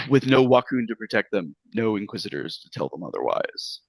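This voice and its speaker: A man's voice: lowish voice, big pitch swings, moderate pace, sharp tone, slightly rough, no room sound. A man narrating a tabletop game as game master, rambling with many fillers.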